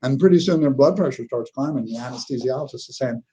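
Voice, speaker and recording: This neurology lecturer speaks fast in a mellow, mid-range voice, captured on a rough recording in a lecture hall. He shares clinical anecdotes in a conversational style, frequently asking "okay?"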